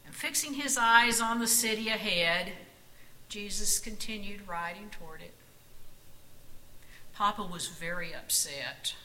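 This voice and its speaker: A woman reading a children's Bible story aloud, slow and expressive. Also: medium pitch, a little hiss or hum, poor audio.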